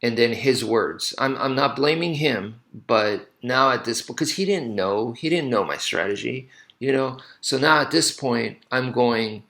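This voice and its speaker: A man's voice: mid-range voice, animated, a little slow, gravelly, hardly any pauses, fairly bright tone. A man casually telling a story to camera, rambling and correcting himself often with lots of "you know" asides. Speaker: martial arts instructor.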